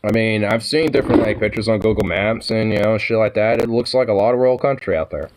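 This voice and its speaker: Low-voiced man rambling and swearing. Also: fast, slight background noise, rough recording. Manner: rambling, heavy swearing, many fillers. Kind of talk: casual monologue.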